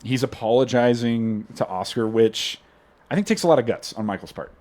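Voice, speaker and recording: Brief: male podcast host, casual rambling recap, mid-pitched voice. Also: moderate pace, darkish tone. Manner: rambling, retells scenes with quoted voices.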